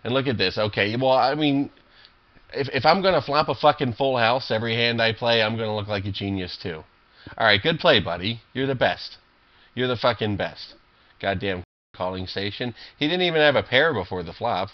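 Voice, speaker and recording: A man's voice: mid-range voice, fairly quick, highs cut off. A man commentating his own online poker games, irritable and swearing, rambling with lots of fillers and restarts. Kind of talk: profane live game commentary.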